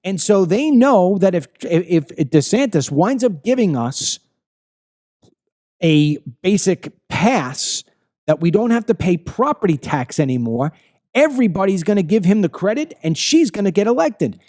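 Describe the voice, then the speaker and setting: A man's voice: high voice, big pitch swings, measured pace, darkish tone. A man hosting a political commentary show, ranting heatedly with frequent profanity and stammering when worked up. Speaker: host.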